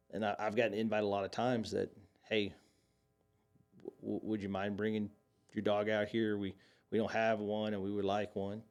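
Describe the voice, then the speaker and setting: A man's voice: fairly low pitch, darkish tone. A man co-hosting a podcast, telling stories in casual chat with many restarts. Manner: rambling, many restarts, tells stories animatedly. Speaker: podcast co-host.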